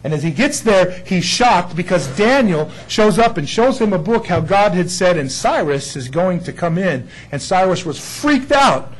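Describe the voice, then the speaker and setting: Husky-voiced animated male preacher. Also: high-pitched, normal speed, few pauses, poor audio. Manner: animated, jokey, acts out quoted figures. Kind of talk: sermon.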